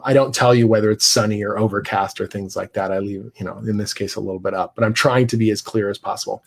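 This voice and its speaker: A man's voice: on the low side, darkish tone. A man teaching a live online class about writing scripts, explaining casually with many fillers and restarts. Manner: reads his own script passages aloud. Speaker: comics writer teaching a class.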